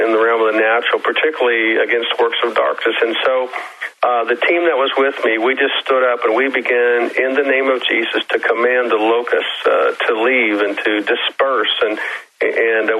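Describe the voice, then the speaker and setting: Male evangelist guest, middle voice, stammering earnest storyteller, lo-fi radio capture. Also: medium pitch. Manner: halting, repeats words, earnest. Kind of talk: storytelling interview answer.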